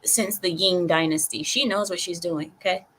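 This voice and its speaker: A woman's voice: lowish voice, a bit bright, slight background noise. A woman hosting a casual livestream, reading chat comments aloud in a chatty, rambling way and laughing often.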